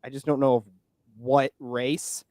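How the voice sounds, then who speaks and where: A man's voice: mid-range voice, little pitch movement, a little slow, darkish tone, no room sound, clean studio sound. Rambling young man talking politics. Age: 20s. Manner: rambling, many fillers and restarts. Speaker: podcast guest and political commentator. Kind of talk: casual political chat.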